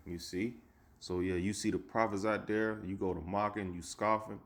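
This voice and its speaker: A man preaches a stern warning. He reads scripture slowly and deliberately, then drives each point home with an emphatic "man" or "you see?". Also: fairly low pitch, steady tone. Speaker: street preacher. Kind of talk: sermon with scripture reading.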